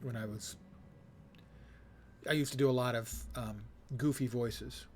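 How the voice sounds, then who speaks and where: A man's voice: medium pitch, fairly even intonation, unhurried. An American man streaming a game, chatting casually with rambling asides and frequent self-corrections. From United States. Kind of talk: casual gameplay chat.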